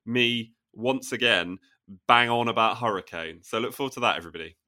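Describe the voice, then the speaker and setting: A man co-hosting a podcast, playful and animated, often laughing. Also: mid-range voice, a little fast. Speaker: podcast co-host. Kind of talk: casual podcast chat.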